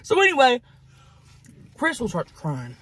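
Animated crude storytelling woman. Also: a little high, measured pace, slight background noise. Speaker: vlogger. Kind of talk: casual storytelling while eating.

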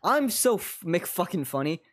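A young man streaming a game and chatting casually, swearing a lot, giggling and breaking into excited bursts. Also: high-pitched, measured pace. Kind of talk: casual gameplay chat.

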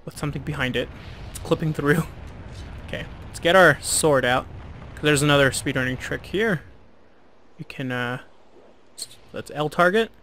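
A man giving relaxed, chatty, self-deprecating commentary while playing a video game. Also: on the high side, moderate pace, pauses often, a little hiss or hum. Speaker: let's play host. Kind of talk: casual gameplay commentary.

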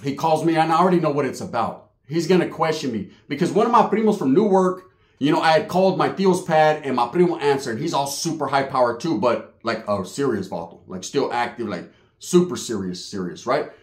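A man's voice: mid-range voice, animated, a little fast. Streetwise man telling a profane story. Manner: profane, streetwise, acts out voices. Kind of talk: comedic storytelling monologue. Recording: echoey room.

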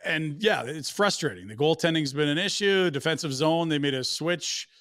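A man co-hosting a sports podcast, laying out context and numbers in a measured, even-handed way. His voice sits a bit higher than most men's and is recorded dry and close. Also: dry recording. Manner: measured and analytical, gives context and stats. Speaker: podcast co-host. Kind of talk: casual sports podcast chat.

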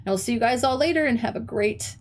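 A woman's voice: fairly high pitch, lively intonation, fairly quick, slight background noise. A young woman talking casually on her stream, telling stories in a chatty way full of "like" and swearing, with a stuffy runny nose. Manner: chatty storytelling with frequent "like" and swearing. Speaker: teacher and game streamer. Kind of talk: casual chat while streaming.

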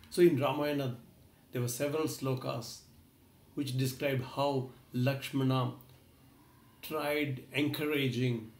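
A man's voice: mid-range voice, darkish tone. Earnest man telling a story, echoey room. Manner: earnest, addresses listener directly. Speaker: motivational speaker. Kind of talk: storytelling talk.

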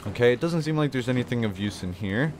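A man's voice: medium pitch, animated, fast, a little hiss or hum. A man doing gameplay commentary on a horror game, joking to himself and blurting startled exclamations. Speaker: let's play host. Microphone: desk mic with face cam.

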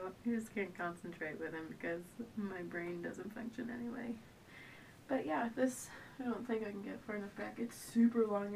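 A young pregnant woman chatting casually to her camera at home, rambling and restarting her sentences, often a bit out of breath. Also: gravelly. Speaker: stay-at-home mom vlogger. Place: at home indoors. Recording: a bit distant from the camera, faint low rumble.

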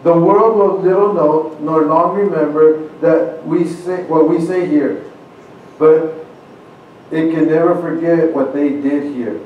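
A man's voice: fairly high pitch, fairly even intonation, takes it slowly, narrow, tinny audio, a little hiss or hum. A man addressing a congregation, reading old founding documents aloud and talking earnestly between them, often stopping to repeat his words. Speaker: church speaker. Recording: very echoey room, speaker far from mic.

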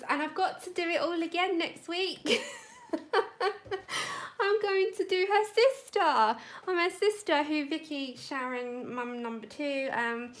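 A woman hosting a live colouring stream, chatting casually and rambling as she greets viewers by name. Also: high voice. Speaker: livestream host.

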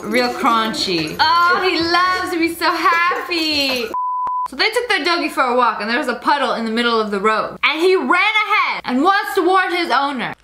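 A woman with a high, sing-song voice that leaps all over as she comments on animal clips. She laughs often and slips into little voices for the animals' thoughts. The sound is roomy, with music playing behind her. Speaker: host reacting to videos. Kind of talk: comedic video commentary.

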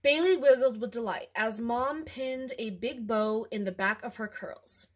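A woman hosting a home video, chatting casually and then reading a children's story aloud with ums and pauses. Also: a little high, a little hiss or hum. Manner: animated, with ums and throat clearing.

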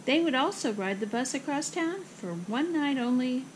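A woman reading a children's picture book aloud with expressive, rhythmic phrasing. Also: high-pitched, moderate pace, a little hiss or hum, poor audio. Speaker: storybook reader.

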